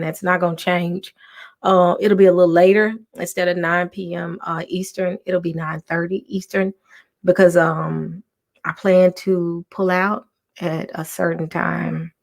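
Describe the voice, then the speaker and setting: Woman host, low gravelly voice, hushed rambling livestream chat from home. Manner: soft, half-whispered talk with many ums and restarts.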